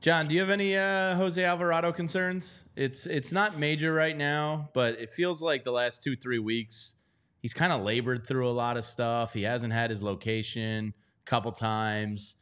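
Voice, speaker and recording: Man, sports co-host, casual and joking, mid pitch. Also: fairly even intonation, moderate pace, fairly bright tone, clear, resonant tone.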